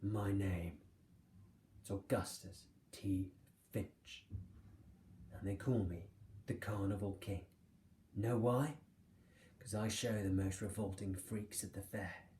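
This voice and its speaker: A man voicing a brutal scarred male showman who speaks in a cold, gruff, threatening way. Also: lowish voice, fairly even intonation, takes it slowly, pauses often, mellow, reverberant, a little hiss or hum. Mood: menacing.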